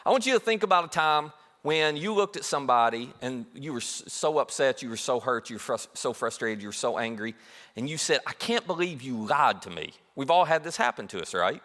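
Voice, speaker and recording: A man's voice: mid-range voice, brisk, a bit bright, long reverb tail. A man preaching a sermon as a pastor, talking conversationally and acting out quoted asides. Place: church auditorium.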